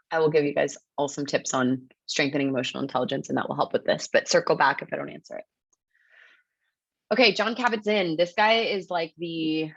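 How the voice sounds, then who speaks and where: A woman's voice: sits low, vocal fry, no room sound. A woman presenting a webinar in a casual, upbeat teaching talk, full of "like" and "right?" check-ins. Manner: chatty, upbeat, peppered with "like" and "right?". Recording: dull lo-fi webinar audio.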